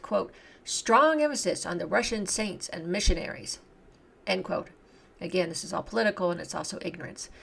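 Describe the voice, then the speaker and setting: Gravelly woman, indignant commentator. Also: medium pitch. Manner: indignant, scornful asides between read quotes. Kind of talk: reading and commenting on a document.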